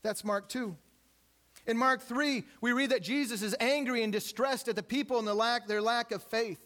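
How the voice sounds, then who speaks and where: A man's voice: extremely high pitch, normal speed. A man preaching a sermon, retelling stories with humor and acting out the quotes. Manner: lively storytelling, acts out quotes with humor. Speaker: pastor.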